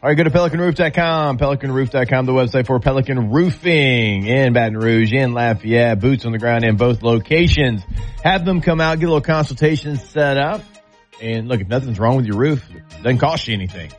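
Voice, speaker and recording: A man's voice: mid-range voice, a little fast, faint music behind. A man hosting a sports radio show, chatting easily and doing an upbeat live ad read.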